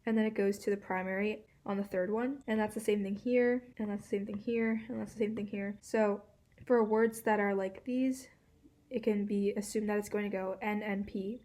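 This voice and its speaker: A woman's voice: medium pitch, steady tone, moderate pace, warm tone. A woman hosting a walkthrough of a linguistics puzzle, explaining in a casual, hedging way full of "like" and "kind of.". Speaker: host.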